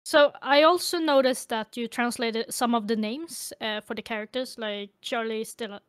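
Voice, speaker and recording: A woman's voice: fairly high pitch, normal speed, smooth, no echo. A woman hosting a podcast, asking her guests curious, slightly tentative questions. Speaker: podcast host. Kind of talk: interview questions.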